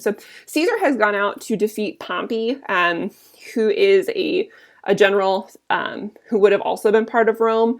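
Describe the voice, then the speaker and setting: A woman's voice: medium pitch, moderate pace. A woman teacher casually walking students through a play scene, explaining lines with frequent fillers. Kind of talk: recorded lesson explaining a play.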